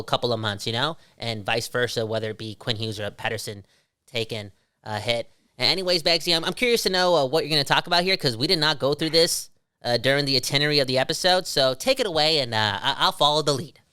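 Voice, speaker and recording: Bright, punchy man hosting a sports podcast. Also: mid-range voice, clear, resonant tone, no room sound, clean studio sound. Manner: energetic, slangy and blunt. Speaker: podcast co-host. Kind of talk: casual sports chat.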